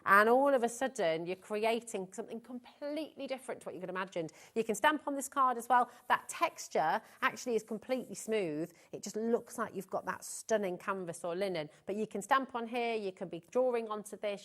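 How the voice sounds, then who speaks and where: A woman's voice: medium pitch, brisk, hardly any pauses, a bit bright. Gushing woman selling crafts on TV. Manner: gushing, enthusiastic sales patter. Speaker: shopping channel presenter. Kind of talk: live TV shopping presentation. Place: TV studio.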